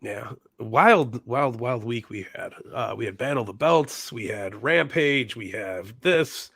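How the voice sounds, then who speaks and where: A man's voice: medium pitch, a little slow, creaky, fairly bright tone, breathy edge, no room sound. A man co-hosting a casual wrestling chat podcast, laughing often and swearing casually as he talks. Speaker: podcast co-host.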